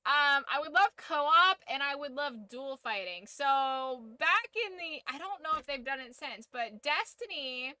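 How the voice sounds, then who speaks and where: A woman's voice: high-pitched, expressive, unhurried, few pauses, bright, forceful tone, dry recording. A woman streaming a game, chatting casually with rambling, joking, opinionated asides. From United States. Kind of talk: casual chat while gaming on stream.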